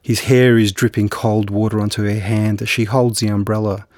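A man with a somewhat low voice talks about his novel in an unhurried, halting way, full of fillers and false starts. The sound is dry and close, with no room around it. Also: level tone, a little mellow, no echo. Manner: hesitant, halting with restarts and fillers. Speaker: novelist guest. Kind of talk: conversational interview and book reading.

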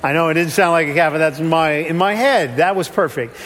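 A male pastor with a fairly high voice delivers a sermon in an easy, conversational manner. He drops into other voices when he quotes people. His words ring out with the long reverb of a church hall. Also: a little fast, fairly bright tone, a little hiss or hum. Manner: conversational, shifts pitch when quoting.

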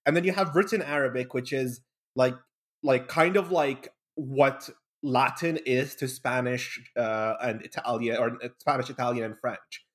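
Speaking at a moderate pace and medium pitch, a young Bahraini podcast guest talks in a relaxed, wandering way, often restarting and filling gaps with fillers.

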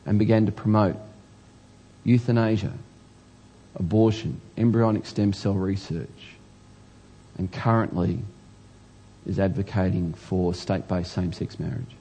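Male preacher, sermon delivery, earnest with stammered restarts, husky and warm tone. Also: on the low side. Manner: earnest, stammers and restarts, rising emphasis on questions.

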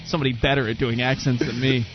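A man's voice: medium pitch, fairly even intonation, quick pace, music in the background. A man hosting a call-in talk radio show, with wry, joking asides. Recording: dull, muffled radio broadcast.

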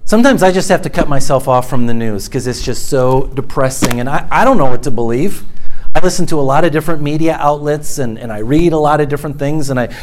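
A man's voice: a little high, quick pace, a little hiss or hum. A middle-aged man preaching a sermon as pastor, talking conversationally and repeating phrases for emphasis.

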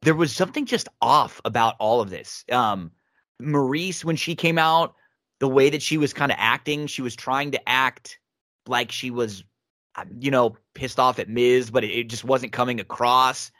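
A man's voice: mid-range voice, moderate pace, fairly bright tone, no room sound, clean studio sound. A man co-hosting a wrestling review podcast, giving opinionated casual commentary with frequent restarts.

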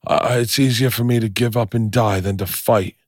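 A grown survivor with a loose Irish-Scottish lilt, put on by a man. He recounts his ordeal in a halting, solemn way, in a fairly low voice on a dry recording. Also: fairly even intonation, a little mellow, no room sound, close to an everyday voice. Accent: vague Irish-Scottish put-on.

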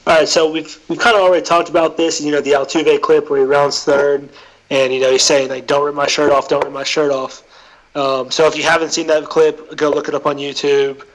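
Higher-voiced man co-hosting a chat. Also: flat delivery, fairly quick, rough recording. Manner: poses questions and pushes back skeptically. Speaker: podcast co-host. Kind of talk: casual podcast chat.

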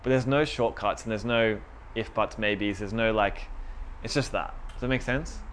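A man's voice: lowish voice, moderate pace, a bit bright, a little hiss or hum. A young man giving a casual, conversational sermon to a small group, retelling a story with quoted voices.

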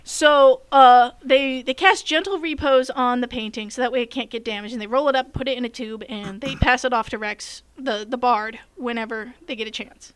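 High-voiced woman rambling through a story. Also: fairly even intonation, moderate pace, hardly any pauses, fairly bright tone, smooth, no room sound. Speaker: game master telling a story. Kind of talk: casual chat.

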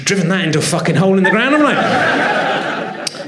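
A man's voice: high-pitched, big pitch swings, heavy background noise. A man hosting a comedy podcast on a theatre stage, bantering and teasing the audience with self-mocking riffs. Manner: teasing, self-mocking, quick to riff on the crowd. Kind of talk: live stand-up banter with the audience. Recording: roomy theatre sound with a laughing crowd. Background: audience laughter.

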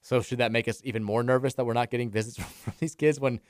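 Radio co-host guy, talks fast, mid voice, dry studio sound, jokey. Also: mid-range voice, steady tone, no room sound. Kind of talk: casual radio chat.

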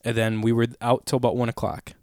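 A young man in casual chat, telling rambling, animated stories full of fillers and swearing. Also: medium pitch, quick pace, no room sound, clean studio sound.

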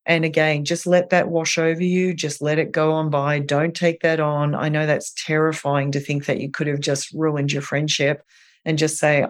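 A woman speaking as a therapist guest on a podcast, gentle and reassuring, thinking aloud with soft fillers. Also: deep voice, flat delivery, moderate pace. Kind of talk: podcast interview.

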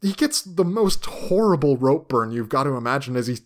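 A man co-hosting a podcast in casual chat, animated and joking, laughing often. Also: medium pitch, brisk. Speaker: podcast co-host.

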